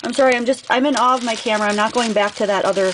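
Female craft vlogger, higher voice, effusive casual unboxing chat. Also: fairly even intonation, rapid-fire, background noise. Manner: gushing, effusive.

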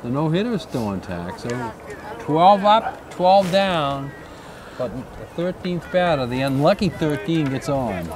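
A man's voice: a little high, sing-song, unhurried, a crowd in the background. A man doing casual play-by-play commentary at an outdoor baseball game, chatty and easygoing, with many fillers. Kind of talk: local sports commentary. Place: outdoors at a ballpark.

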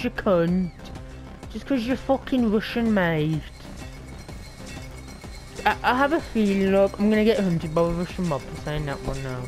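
Aussie woman swearing and rambling thru a game stream, mid pitch, faint game music behind. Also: expressive, measured pace, long pauses, a little mellow. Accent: Australian. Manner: profane, rambling, slangy banter. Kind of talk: casual gameplay commentary.

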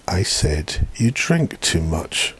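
A man's voice: sits low, fairly even intonation, moderate pace, darkish tone, breathy edge. A man voicing a cruel, abusive stepfather who talks with scorn and menace. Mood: contemptuous. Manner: scornful and threatening.

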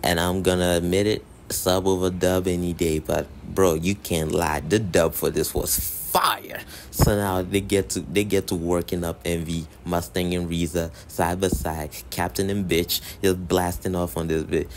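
Casual: low gravelly guy riffing on an anime, swearing a lot, slangy jokes, soft music underneath. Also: flat delivery, unhurried, a little hiss or hum. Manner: profane, slangy, joking. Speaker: anime recap commentator. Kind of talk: casual comedic commentary.

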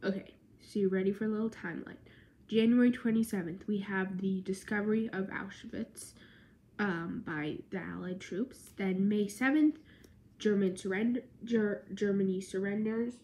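A woman's voice: medium pitch, fairly even intonation, normal speed, darkish tone. A tired young woman giving a casual history explainer as a student presenter, chatty and full of filler words.

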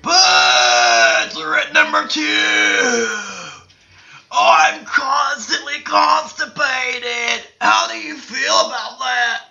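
Woman shouting as a whiny constipated bachelor. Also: high voice, very animated, drawn-out words, vocal fry, distant mic, dull audio, faint music behind, heavily acted. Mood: bellowing. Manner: shouting, sobbing delivery. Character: crude constipated male bachelor, loud and whiny.

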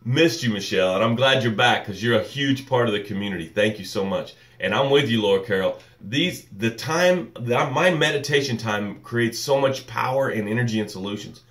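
A man coaching viewers on a live morning show, building fervent, preacher-like runs of repeated phrases, then dropping soft and slow for breathing cues. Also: medium pitch, roomy sound. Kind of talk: motivational live talk with guided breathing.

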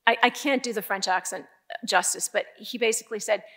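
An older woman giving a keynote speech, telling stories in a lively way with emphatic, repeated phrases. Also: mid-range voice, fairly quick. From Canada. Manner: lively storytelling, emphatic repetition. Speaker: keynote speaker.

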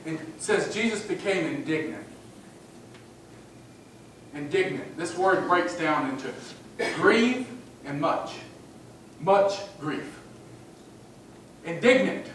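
A male pastor with a fairly high, bright voice preaches emphatically in a church sanctuary, repeating phrases and often asking the congregation "amen?" His intonation is lively, his pace slow with frequent pauses, and the recording is echoey, distant from the mic, with faint noise.

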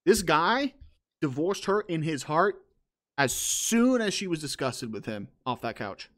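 Animated man mocking a read-out story. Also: a little high, unhurried. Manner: animated, mocking, laughs often. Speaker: podcast co-host reading a story. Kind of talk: casual commentary on a read-out story.

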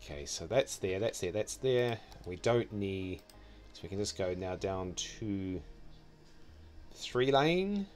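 A man's voice: sits low, animated, takes it slowly, a little mellow. A man thinking aloud as he streams a city-building game, trailing off and correcting himself often. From New Zealand. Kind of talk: casual gameplay commentary.

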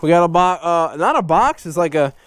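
Young male vlogger, high bouncy voice, clear and dry, excitable, profane, quick to shout. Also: no room sound. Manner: excitable, swears a lot, bursts into shouting. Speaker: vlogger opening fan mail. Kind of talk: casual profane vlog chat.

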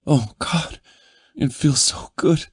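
A man narrating an audiobook, voicing a breathless young woman in a high, airy, gasping voice. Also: slow pace, darkish tone, slightly rough, no room sound, clean studio sound, full character voice. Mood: breathless pleading. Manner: gasping, pleading.

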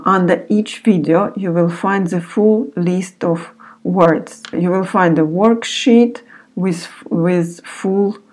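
Very slow, low-voiced woman teacher. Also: darkish tone, breathy edge. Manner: slow, repeats each word several times for learners. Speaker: language teacher. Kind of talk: recorded beginner lesson.

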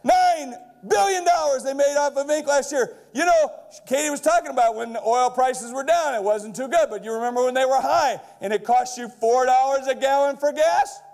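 Middle-aged man with a very high voice, brash stage speaker who builds to shouted punchlines. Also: moderate pace, vocal fry, hardly any pauses. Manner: keeps checking in with the crowd with "okay?". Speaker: keynote speaker. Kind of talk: energetic stage keynote. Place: large lecture hall before a live audience.

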